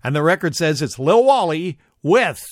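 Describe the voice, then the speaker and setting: A man's voice: a little high, sing-song, normal speed, no echo, clean studio sound. An older man hosting a radio show, chatting casually and joking in a folksy way between records.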